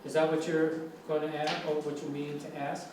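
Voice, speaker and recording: An older man with a New York accent, a guest lecturer answering student questions in a relaxed, rambling way with fillers and restarts. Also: on the high side, moderate pace. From New York City. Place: large lecture room. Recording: echoey room, far mic, faint noise.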